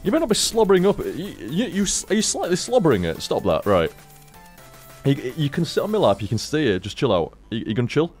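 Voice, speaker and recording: A young man streams from a room at home into a studio mic on a desk stand, rambling casually, swearing freely and talking to his cat. His voice is fairly high with big pitch swings, a fairly quick pace and a darkish tone, with faint music in the background.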